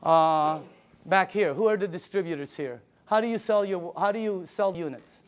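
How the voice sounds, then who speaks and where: An older man with a high voice delivering an emphatic sales pitch. He presses each point and acts out conversations with friends as he goes. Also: normal speed. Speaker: business presenter. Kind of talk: sales presentation.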